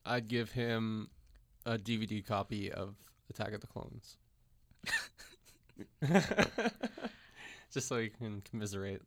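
A man's voice: on the low side, fairly even intonation, slow, long pauses, no room sound. A man co-hosting a casual chat, reading reviews aloud with dry jokes. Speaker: podcast co-host.

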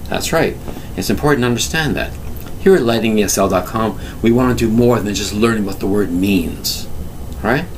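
A man giving a vocabulary lesson, explaining a word slowly, spelling it out and asking rhetorical questions. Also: on the low side, slight background noise, low-quality recording. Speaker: English teacher.

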